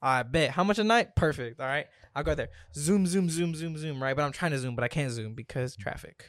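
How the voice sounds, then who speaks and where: A young man rattles off an imagined road-trip story at a fast clip, jumping into the voices of everyone in it. His mid-range voice sounds close and dry, with no room around it. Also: medium pitch, no room sound. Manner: animated storyteller, acts out quotes with slang. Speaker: storyteller in a hypothetical scenario game. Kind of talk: casual banter between friends.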